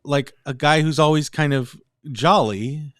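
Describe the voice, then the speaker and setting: A man's voice: a little high, measured pace, dry recording, clean studio sound. A man co-hosting a podcast, talking critically in casual chat with a lot of filler words. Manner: critical, hedging with many fillers. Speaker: podcast co-host.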